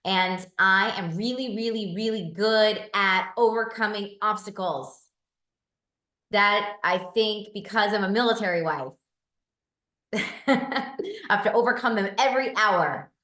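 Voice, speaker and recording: A woman from Southern California hosting a group video call, enthusiastic and encouraging, talking in quick bursts. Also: medium pitch, pushed and bright, roomy sound.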